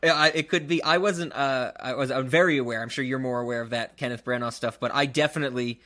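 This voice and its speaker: A man co-hosts a film podcast with a bright, forceful voice. He is easygoing and laughs a lot. His speech stops and restarts as he talks. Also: mid-range voice, fairly even intonation. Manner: agreeable, laughs often, halting restarts. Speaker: podcast co-host. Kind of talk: casual film review chat.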